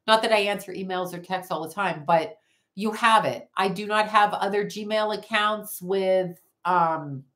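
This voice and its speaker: A woman's voice: mid-range voice, fairly bright tone. A woman hosting a psychic livestream from home, chatting casually and bluntly with viewers and swearing freely as she reads their comments. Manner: blunt, profane, talks back to chat.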